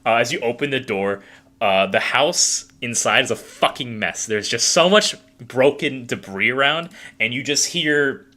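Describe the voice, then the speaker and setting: A man narrates a tabletop game in a loose, casual way as game master. He rambles and leans heavily on filler words. His voice has a bright edge. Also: mid-range voice, measured pace. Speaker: dungeon master.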